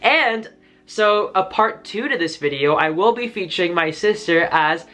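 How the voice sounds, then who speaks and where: A man's voice: high voice, expressive, measured pace, bright, forceful tone. An American man talking casually and enthusiastically to the camera in a vlog, rambling a bit with lots of fillers. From United States. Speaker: vlogger.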